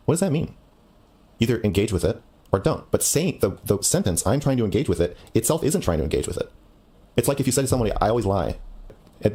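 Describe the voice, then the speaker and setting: A man's voice: fairly low pitch, a little mellow, husky. A man streamer arguing with a caller in a blunt, lecturing way, often cutting the other person off. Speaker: streamer taking a call. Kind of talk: heated debate on a call.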